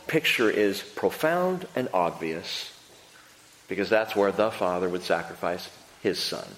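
A man preaching a sermon, telling the story with animated delivery and acting out voices. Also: low voice, a little slow. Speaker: pastor. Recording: echoey hall reverb.

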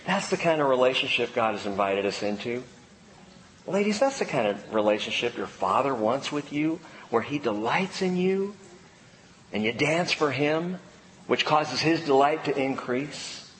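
A man preaching a sermon to a congregation, lively, stretching out key words for emphasis. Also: medium pitch, normal speed, slight background noise. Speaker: pastor. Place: church sanctuary. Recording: long hall reverb, faint ambience.

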